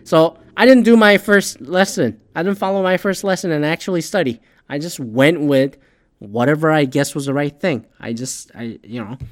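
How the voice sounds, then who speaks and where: A man with a slightly higher voice rants casually about his own bad calls, swearing freely and mocking himself. He drops into low mutters, then flares up into loud outbursts. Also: moderate pace. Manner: profane, self-mocking, swings between mumbling and loud outbursts. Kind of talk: casual ranting monologue.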